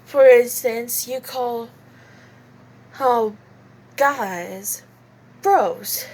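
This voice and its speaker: A woman's voice: on the high side, very slow, a little mellow. A woman chatting casually and hesitantly about how she voices game characters, giggling often. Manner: hesitant and giggly, many fillers. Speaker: channel host. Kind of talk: casual voice-acting demo.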